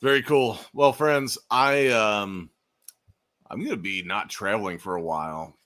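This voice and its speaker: A man hosting a casual livestream chat, talking in a relaxed, chatty way with trailing fillers. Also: on the low side, unhurried, no room sound, studio quality. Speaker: podcast host.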